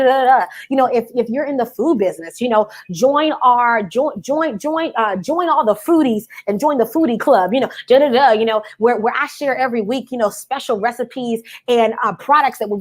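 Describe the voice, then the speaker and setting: A woman with a fairly high voice coaching business owners on a live stream. She talks with a lot of energy and repeats her points to drive them home. She keeps calling on her viewers to answer back, with traces of in her speech. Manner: energetic, call-and-response, repeats for emphasis.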